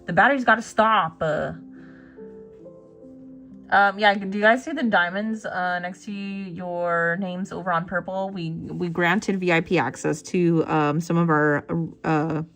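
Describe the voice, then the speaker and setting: A woman hosting a relaxed art livestream, reading viewers' messages aloud and answering them with frequent giggles. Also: fairly low pitch, takes it slowly, faint music behind. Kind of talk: casual chat with viewers.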